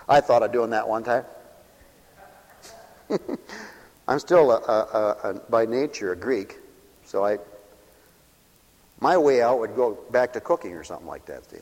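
A man preaching a lively sermon who swings from loud cries to quiet mumbles, acting out scenes and laughing often. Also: mid-range voice, gravelly, long reverb tail. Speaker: pastor.

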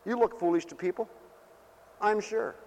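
A man's voice: sits high, normal speed, creaky, a little mellow. A man pastor preaching a sermon in a mission church hall, folksy and joking, and he swings up into fervent hallelujahs.

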